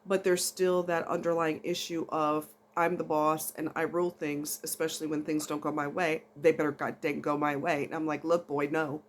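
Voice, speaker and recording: A woman's voice: low voice, flat delivery, normal speed, few pauses, slight background noise. Chatty woman vlogging, twang. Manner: chatty, rambling, getting emotional and laughing. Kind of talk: casual talk to camera.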